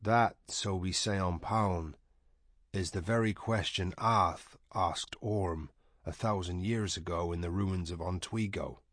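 A man voicing a soft-spoken male wizard who talks mildly and very quietly, in a storybook reading. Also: sits low, takes it slowly, no room sound, studio quality, full character voice. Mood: gentle. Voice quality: quiet, mild. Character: soft-spoken middle-aged male wizard, mild and calm.

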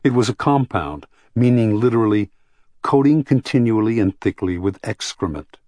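A man narrating a novel in a measured, expressive way. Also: lowish voice, no echo. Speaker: audiobook narrator. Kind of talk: scripted narration.

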